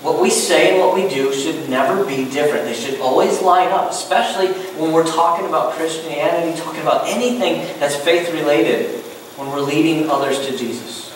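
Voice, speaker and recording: Male pastor, high voice, casual questioning sermon, booming church echo, a little off-mic. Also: normal speed. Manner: conversational, asks the room many questions. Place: church sanctuary. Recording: very echoey hall, voice a bit distant, faint noise.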